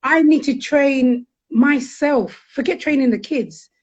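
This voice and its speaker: Middle-aged woman, high voice, frank storytelling, slightly muffled lo-fi sound. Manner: animated, frank, quick to act out quotes. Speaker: guest counsellor. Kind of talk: candid conversational storytelling.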